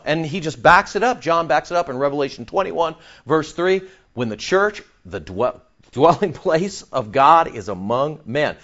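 Guy preaching a sermon, kinda high voice, dull lo-fi sound, jokey and animated. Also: normal speed. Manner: animated, swings from low asides to excited outbursts; joking, reads scripture aloud and explains it. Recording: dull lo-fi recording.

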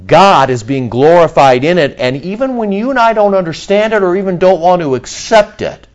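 Animated male pastor preaching. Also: high-pitched, normal speed, highs cut off. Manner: animated, acts out crowd voices and asides. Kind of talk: sermon.

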